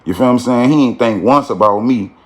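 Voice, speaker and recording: A man's voice: medium pitch, a little fast. A man telling a street story in a casual, slangy way, with frequent "you feel me" tags.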